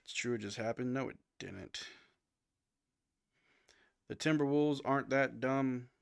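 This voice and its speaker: Relaxed man calling a game live. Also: medium pitch, measured pace, creaky, smooth, no room sound, clean studio sound. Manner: relaxed, reads stats and replies to chat. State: yawning, sleepy. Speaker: live stream watch-along host. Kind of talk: casual play-by-play commentary with chat.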